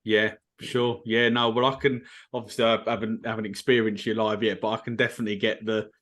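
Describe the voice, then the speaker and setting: A man hosts a casual music podcast, sounding hesitant and filling gaps with ums and sort-ofs. His voice sits a little low. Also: little pitch movement, fairly quick, a bit bright. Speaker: podcast host. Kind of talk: casual interview chat.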